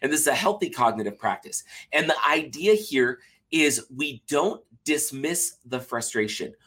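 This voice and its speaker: A man's voice: medium pitch, normal speed, husky. A man from Utah, a podcast guest, talking casually and animatedly about a gratitude practice. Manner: animated, acts out everyday complainers in mock voices. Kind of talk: casual chat.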